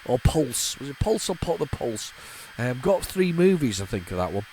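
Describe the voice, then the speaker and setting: A man's voice: mid-range voice, big pitch swings, normal speed, darkish tone, poor audio. Man, forties, rambling retro gaming host, stammers and repeats himself, nostalgic, faint background noise. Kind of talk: casual off-the-cuff commentary while loading a tape.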